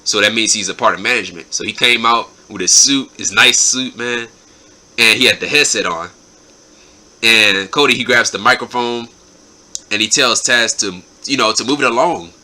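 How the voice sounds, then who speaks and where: A man's voice: medium pitch, moderate pace, pushed and bright. A man hosting his own show, giving a casual, enthusiastic spoken recap and often repeating his words. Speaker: show host reviewing wrestling episodes.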